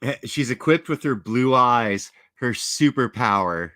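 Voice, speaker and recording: A man's voice: medium pitch, expressive, measured pace, pushed and bright. A man hosting a commentary channel, mocking a clip in a sardonic way.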